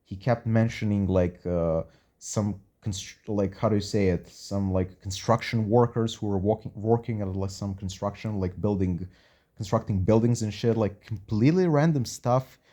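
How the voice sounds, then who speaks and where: A man's voice: fairly low pitch, moderate pace, mellow. A man telling a rambling, slangy story in a casual way, swearing a lot.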